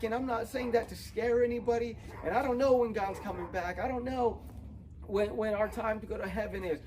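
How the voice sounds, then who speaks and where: A man's voice: high-pitched, fairly even intonation, brisk, darkish tone, poor audio. A young man preaching a sermon outdoors, earnest and building to fervent emphasis. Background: dog barking, wind.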